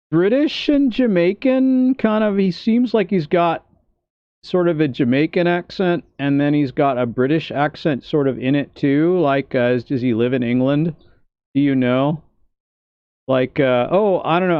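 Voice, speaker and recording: Rambling man streaming, smooth dry sound. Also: a little high, no echo, highs cut off. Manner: loose and rambling, many fillers and restarts. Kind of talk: casual livestream chat.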